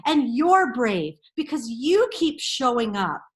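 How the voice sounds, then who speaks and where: A woman's voice: fairly high pitch, very animated, slow. A middle-aged woman counsellor giving an earnest, emphatic motivational talk to parents, repeating key phrases.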